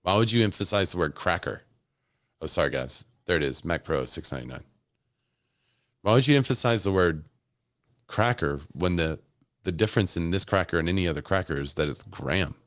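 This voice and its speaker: A man's voice: low voice, expressive, fairly quick, pauses often, a bit bright, no room sound, studio quality. A man hosting a live stream, casually commenting on a keynote as it plays and chatting with viewers in the comments. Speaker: host.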